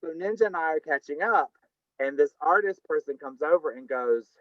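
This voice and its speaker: A campy, chatty older man spins a story and keeps tossing in "honey." His voice sits a little high. The video call audio is dull and dry, with no room sound. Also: expressive, normal speed, no echo. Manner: campy, chatty, says "honey, okay?" often. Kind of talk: live storytelling.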